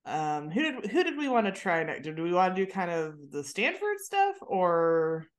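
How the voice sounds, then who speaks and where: Woman recapping a show, animated. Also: lowish voice, normal speed. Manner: animated storytelling, laughs often. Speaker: podcast host recapping an episode. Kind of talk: casual chat.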